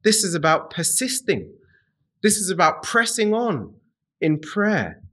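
Slow, deliberate male preacher. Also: high voice, very animated, a bit bright. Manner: addresses the congregation directly. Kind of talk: sermon.

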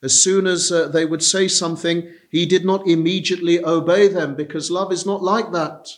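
A man delivers an expository sermon in a somewhat raised-pitch voice. He speaks deliberately, stopping often with small hesitations as he unpacks each phrase. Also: fairly even intonation. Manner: measured, deliberate, with frequent "uh" pauses. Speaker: preacher.

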